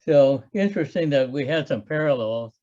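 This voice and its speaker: Blunt older veteran, dull sound. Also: male voice, a little high, animated, normal speed, dark tone. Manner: blunt, matter-of-fact. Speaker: Special Forces veteran. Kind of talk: oral history storytelling.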